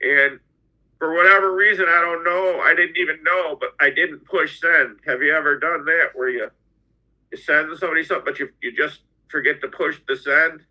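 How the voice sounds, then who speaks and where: A middle-aged man telling his own story as a podcast guest, halting and often repeating his words. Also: a little high, sharp tone. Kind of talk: personal storytelling. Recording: dull lo-fi audio.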